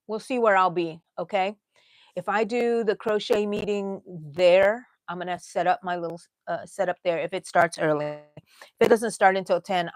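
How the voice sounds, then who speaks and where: A woman's voice: mid-range voice, no room sound. A middle-aged woman, hosting a casual crochet livestream, rambling and chatting with viewers as she works.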